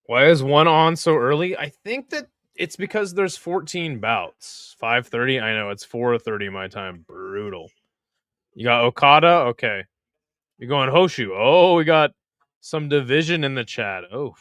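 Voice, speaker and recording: Young male streamer, casual play-by-play, slangy and chatty, very animated pitch, dry close-miked sound. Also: a little slow, dry recording. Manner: laid-back, slangy, chats with viewers between bouts. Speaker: live stream host. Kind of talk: casual live reaction and play-by-play.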